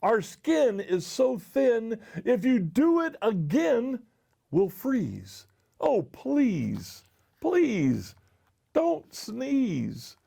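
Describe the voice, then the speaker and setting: A man's voice: very high-pitched, huge pitch swings, very slow, creaky, mellow, husky, voice pushed up, heavily acted. A man voicing a pleading, thin-skinned fish in a storybook reading.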